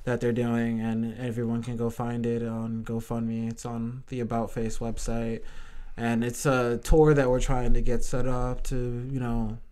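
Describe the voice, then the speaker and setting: A man speaking as a podcast guest, talking in a loose, animated way, full of "like" and casual swearing. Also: medium pitch, unhurried, clear, resonant tone. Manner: animated, heavy use of "like", swears freely. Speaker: guest, Air Force veteran.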